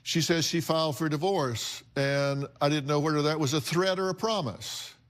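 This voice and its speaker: A man's voice: a little high, fairly even intonation, moderate pace. A man hosting a confrontational TV talk show, lecturing guests in a blunt, emphatic way.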